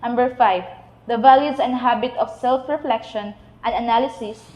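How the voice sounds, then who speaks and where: Woman reading a lesson list aloud; slightly high voice, roomy echo. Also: moderate pace, darkish tone, dull audio. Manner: reads a list item by item, with restarts on hard words. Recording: echoey room.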